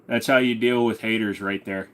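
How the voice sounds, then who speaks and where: A man's voice: lowish voice, steady tone, normal speed, fairly bright tone. A male host in a casual livestream chat, laid-back, joking and profane.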